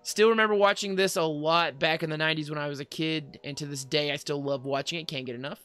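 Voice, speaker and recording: A man's voice: a little high, steady tone, fast talker, a bit bright, smooth, soft background music. A man in his thirties co-hosting a casual chat, upbeat and laughing often as he reads viewer comments and runs through lists. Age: 30s. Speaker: podcast co-host.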